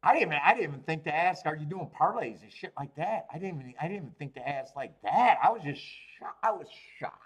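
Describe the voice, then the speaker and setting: Man, racing-betting stream host, higher voice, swings wildly in pitch, loose and profane. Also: slightly rough. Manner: animated, swearing, laughing, fast rambling with restarts. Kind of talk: casual livestream chat.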